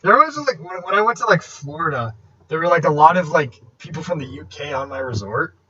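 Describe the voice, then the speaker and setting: A man's voice: a little high, expressive, a little fast, sharp tone. A young man co-hosting a casual podcast, joking and chatty, full of "like". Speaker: podcast co-host. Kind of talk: casual chat. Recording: lo-fi audio with crowd noise behind.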